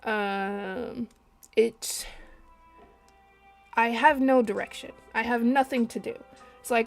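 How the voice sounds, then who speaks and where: A woman chatting casually to her live-stream audience while she draws, animated and laughing at herself. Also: on the high side, moderate pace. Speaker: artist streaming while drawing. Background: faint lo-fi music.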